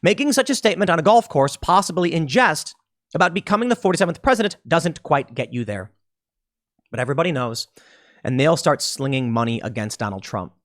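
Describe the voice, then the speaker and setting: A man giving casual solo political commentary, animated and quick to slip into mocking voices. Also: on the high side.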